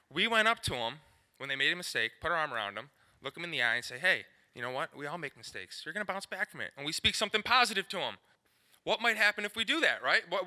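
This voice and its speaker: A man's voice: fairly high pitch, pushed and bright. A man who played sports himself, giving an earnest motivational talk to youth coaches and speaking to his partner as coach. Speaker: co-presenter, former athlete.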